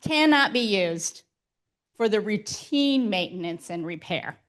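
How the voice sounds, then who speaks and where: A woman's voice: mid-range voice, lively intonation, a little slow. Woman, presenter, neighborhood meeting, upbeat, everyday comparisons, slide talk. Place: meeting room.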